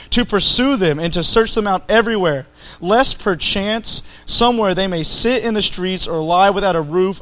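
A man's voice: sits high, a bit bright, poor audio. A man preaching a conversational sermon to his church, rising to emphatic peaks.

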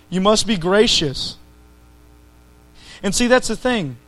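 High-voiced man preaching a sermon. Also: lively intonation, slow pace, pauses often, a bit bright, faint music behind, low-quality recording. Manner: conversational, rising to emphatic peaks.

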